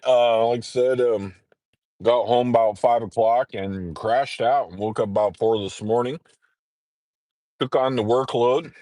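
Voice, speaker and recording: On a casual morning livestream, a congested man with a medium-pitched voice rambles on, clearing his throat again and again and using lots of filler words. He's a livestreamer going through trucker training. The sound is close and dry, with no echo.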